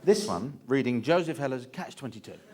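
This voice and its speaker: Give me a theatrical male stand-up comic, lively pitch, live-recorded with audience noise. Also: fairly quick. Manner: theatrical, mock-anguished. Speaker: stand-up comedian. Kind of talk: stand-up comedy storytelling.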